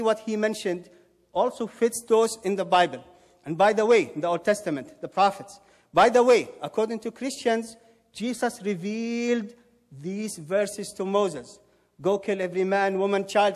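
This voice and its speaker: High-voiced man rebutting in a hall. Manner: emphatic, mocking rhetorical questions. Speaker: debater. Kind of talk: formal debate rebuttal. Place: debate hall. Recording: echoey hall with long reverb.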